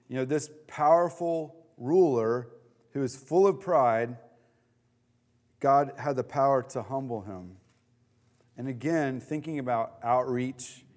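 A man leading a Bible study, teaching in a casual, animated way with many fillers. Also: medium pitch, in a large hall.

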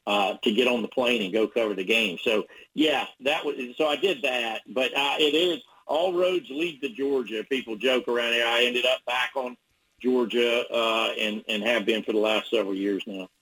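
A man's voice: medium pitch, normal speed, a bit bright, husky, poor audio. A man, a sports reporter, telling stories in a casual radio interview, rambling with many fillers and restarts.

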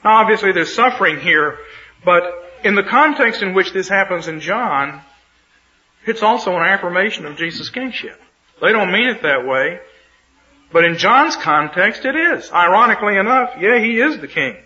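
A male Bible teacher reads a passage and then breaks off into emphatic, dramatic commentary on it. His voice is very bright and sits a bit high for a man. It comes through a dull, lo-fi radio broadcast. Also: animated, moderate pace. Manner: emphatic, dramatic retelling of scripture. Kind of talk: sermon reading scripture with commentary.

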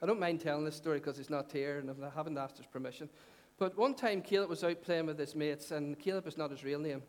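Northern irish pastor guy preaching, fairly high voice, chatty and earnest, goes quiet for the side stories. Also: quick pace, slight background noise. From Northern Ireland. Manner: earnest and conversational, rising with emphasis and dropping low for asides. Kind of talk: sermon. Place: church hall.

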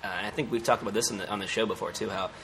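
A man's voice: lowish voice, steady tone, very fast, fairly bright tone, a little hiss or hum. An American man co-hosting a podcast, chatting in an easygoing, jokey way. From United States. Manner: easygoing, jokey, laughs often. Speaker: podcast co-host. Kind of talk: casual chat.

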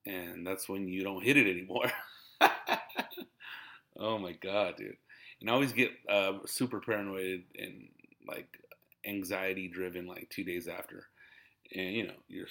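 Gravelly laid-back man on a podcast. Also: sits low, pushed and bright. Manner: laid-back, rambling, laughs a lot. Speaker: podcast host and stand-up comedian. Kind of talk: casual podcast monologue.

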